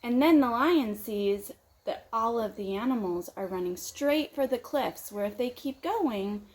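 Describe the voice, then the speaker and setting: A woman leading children's story time at church with expressive storytelling. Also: a little high, unhurried, low-quality recording.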